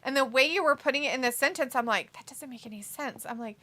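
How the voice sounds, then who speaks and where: Female co-host, bright tone, giggly and teasing, reads out live chat. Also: high-pitched, fast talker. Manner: laughs often, teasing, reads viewer comments aloud. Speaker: co-host reading chat on a wrestling watch-along stream. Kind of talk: casual live-stream chat.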